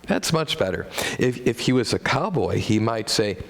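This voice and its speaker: Very animated and speaking at a normal pace, a Midwestern American man performs a solo stage monologue. His humor is dry, self-mocking dad-joke fare, and his creaky voice leaps in pitch to land the laughs.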